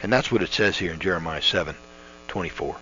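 A man's voice: sits low, fast talker, sharp tone. A middle-aged man giving conversational, earnest Bible teaching on the radio, folksy and full of restarts. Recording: dull lo-fi radio audio with mains hum.

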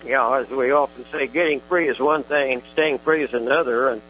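A man who pastors and hosts a religious radio talk show, speaking in a steady, encouraging, conversational way. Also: mid-range voice, normal speed. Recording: dull lo-fi radio sound with faint hum.

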